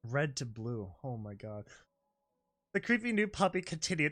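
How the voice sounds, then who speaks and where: A man's voice: medium pitch, big pitch swings, moderate pace, a bit bright. A man reading a fan story aloud as its narrator. He laughs often and breaks off the reading to react with commentary.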